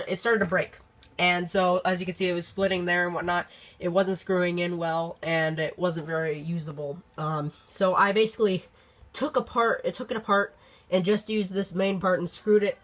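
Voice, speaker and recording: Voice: medium pitch, a bit bright. Young sick vlogger rambling through a room tour. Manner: rambling, halting, full of ums and restarts. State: sick, congested. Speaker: YouTube channel host. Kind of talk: casual channel update vlog.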